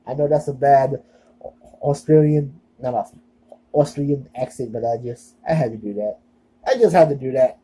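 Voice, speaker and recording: A young man talks to his channel in a loose, rambling way. He leans on fillers and self-deprecating asides. His voice is very dark and mellow, with a husky edge. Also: mid-range voice, normal speed, low-quality recording. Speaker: vlogger. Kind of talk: casual rambling video monologue.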